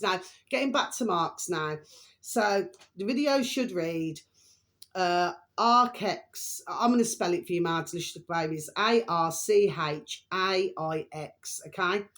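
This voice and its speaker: A woman hosting her own vlog, talking in a rambling, chatty way, often breaking off to apologize and to repeat a fond pet phrase to her viewers. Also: mid-range voice. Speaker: channel host. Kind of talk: rambling casual vlog chat.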